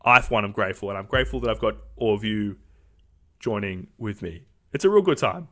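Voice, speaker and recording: A man's voice: on the low side, expressive, brisk, sharp tone. A man with an Australian accent hosting a podcast in a casual, upbeat and joking way, rambling between topics. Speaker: podcast host. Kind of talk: casual show hosting with sponsor reads.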